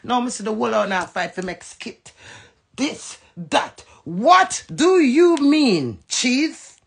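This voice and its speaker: A woman's voice: a little high, sing-song, vocal fry, breathy edge. A Jamaican woman ranting heatedly and profanely on a phone live stream. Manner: heated, profane, fast-switching rant.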